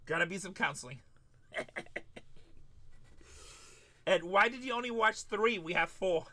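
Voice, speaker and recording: A man's voice: sits high, measured pace, long pauses, pushed and bright. A man hosting a live-stream card break, calling out each pull and chatting casually with viewers. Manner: hyped, calls out pulls and chats with viewers.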